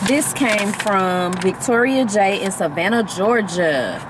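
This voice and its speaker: A woman's voice: medium pitch, animated, slow pace, very noisy. A woman with a Southern country accent chatting bluntly and jokingly in a casual vlog from a parked car, eating while she talks. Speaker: vlogger.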